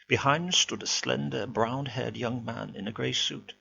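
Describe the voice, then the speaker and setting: A man narrating a ghost story in a measured, expressive way, in a dull lo-fi home recording with a faint hum. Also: medium pitch, gravelly.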